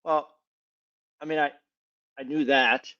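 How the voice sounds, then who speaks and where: A man's voice: fairly high pitch, fairly even intonation, slow. A man talking casually on a panel, earnest and given to restarts as he tells a personal story. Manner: earnest, repeats words when restarting. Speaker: panel guest. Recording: dull muffled audio.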